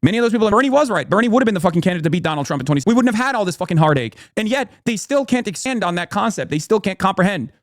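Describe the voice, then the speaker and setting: Fast-talking, heated male commentator. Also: sits high, lively intonation, dry recording, studio quality. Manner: combative, profane, ranting. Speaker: political commentator. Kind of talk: heated live-stream commentary.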